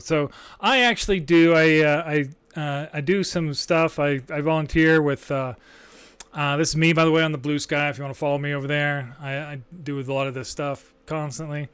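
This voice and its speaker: A man in his thirties hosting a podcast, ranting with animated sarcasm and swearing when riled. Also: on the high side, smooth, no room sound. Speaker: podcast host.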